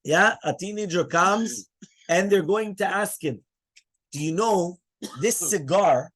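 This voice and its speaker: A man teaching a Torah class as a rabbi, animated, putting questions to his listeners and hushing them. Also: high-pitched, takes it slowly. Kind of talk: Torah class to a live audience.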